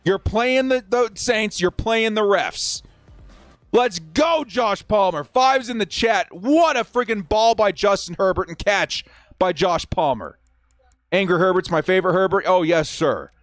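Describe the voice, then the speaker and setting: Man, 30s, live sports watch-along streamer, high-ish voice, excitable, close dry mic, soft music bed. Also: no room sound. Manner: excitable, talks fast, shouts at plays.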